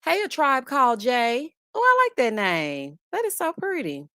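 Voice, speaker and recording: A woman hosting a live-streamed reality TV review, lively and chatty, calling out "child" and "honey" as she greets viewers by name. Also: sits high, moderate pace, no room sound, studio quality. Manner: sassy, says "child" and "honey". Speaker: host.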